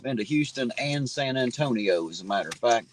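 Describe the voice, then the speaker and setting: A man's voice: mid-range voice, lively intonation, fairly quick, rough recording. A man chatting casually on a livestream from inside his car while driving, rambling in a folksy way and reading out viewer comments. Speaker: livestream host reading chat. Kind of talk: casual chat. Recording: car road noise behind the voice.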